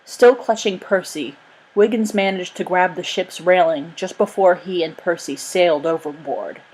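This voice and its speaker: Woman reading a storybook, slightly low voice. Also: normal speed, husky, rough recording. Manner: steady, expressive reading. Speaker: narrator. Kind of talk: storybook read-aloud.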